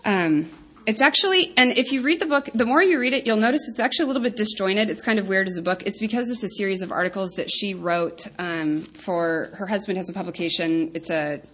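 A woman's voice: medium pitch, a little fast, few pauses, a bit bright. A woman in her thirties giving an earnest, chatty talk to a women's group, with many ums and asides. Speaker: women's ministry speaker.

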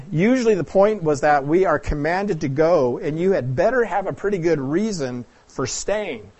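Preaching in a teacherly, talk-it-through style, a Pacific Northwest man quizzes his congregation and keeps clearing his throat. He has a fairly high, expressive, slightly mellow voice and speaks at a normal speed.

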